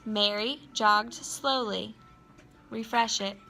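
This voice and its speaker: A woman teacher giving a recorded class lesson, dictating sentences slowly and clearly and repeating each one. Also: fairly high pitch, fairly even intonation, sharp tone, soft background music.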